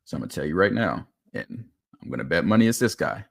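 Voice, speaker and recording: A man casually breaking down football game film, talking in a quick, animated, explanatory way. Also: deep voice, creaky, slightly rough.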